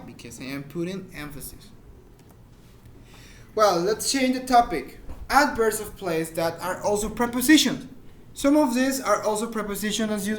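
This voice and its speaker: Man, high voice, informal English teacher, patient repeated examples, slight hiss. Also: fairly bright tone. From Mexico. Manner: explains slowly with repeated examples, searches for words. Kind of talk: informal grammar lesson.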